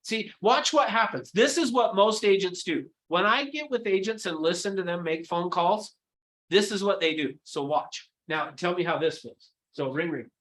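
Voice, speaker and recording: A high-pitched man runs a sales training session. He is animated and demonstrative and quizzes his audience as he acts out phone calls. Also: moderate pace, low-quality recording. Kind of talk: live training session with role-play.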